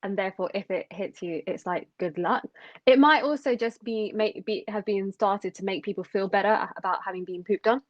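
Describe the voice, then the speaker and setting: A woman's voice: medium pitch, brisk, no room sound. Young woman co-host, casual and hesitant, dry and slightly dull recording. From Sri Lanka. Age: young adult. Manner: chatty, hesitant with many fillers. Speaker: podcast co-host. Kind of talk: casual chat.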